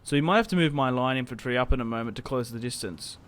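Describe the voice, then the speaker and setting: Commentating on his own strategy game, this young gaming channel host is chatty and jokey, repeatedly interrupting himself to trail off and restart. He's a fast talker with a mid-range, fairly bright voice.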